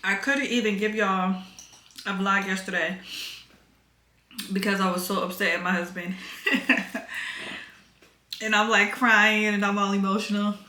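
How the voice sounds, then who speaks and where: A young pregnant woman talks to her camera over dinner, candid and emotional. Her voice is bright and forward, and the room around her rings with echo. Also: medium pitch, fairly even intonation, normal speed. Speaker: vlogger. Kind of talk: casual chat to camera. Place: home, eating dinner.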